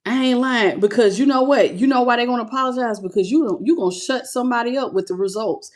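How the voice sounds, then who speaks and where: A woman reading tarot cards live on her channel, greeting viewers by name and calling them baby with animated excitement. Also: a little high, quick pace. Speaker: tarot reader.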